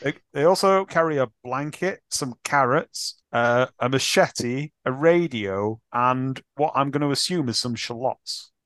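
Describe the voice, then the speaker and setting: A man's voice: mid-range voice, unhurried, few pauses, a bit bright, no echo, studio quality. A man co-hosting a casual movie podcast, recounting scenes with lots of fillers. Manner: chatty storyteller, filler-heavy. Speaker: podcast co-host. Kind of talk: casual movie-review chat.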